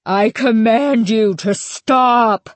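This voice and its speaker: A woman voicing a panicked grown man who shrieks desperate commands in a high, frightened voice. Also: extremely slow, no echo. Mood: frantic.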